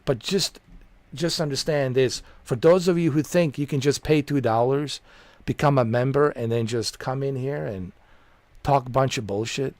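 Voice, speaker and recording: Speaking at a moderate pace in a medium, slightly mellow voice, a man on a home stream rants angrily at a viewer, swearing, repeating himself and getting confrontational. The close desk mic gives a dry recording.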